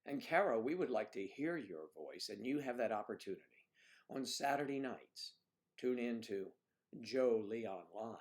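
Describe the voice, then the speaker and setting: A man's voice: mid-range voice, a little mellow. A man hosting a livestream, chatting casually and rambling as he reads out viewer comments. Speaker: livestream host.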